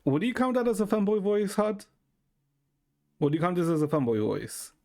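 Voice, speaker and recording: Deadpan swearing male streamer, lively pitch. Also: a little fast. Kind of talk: casual stream chat.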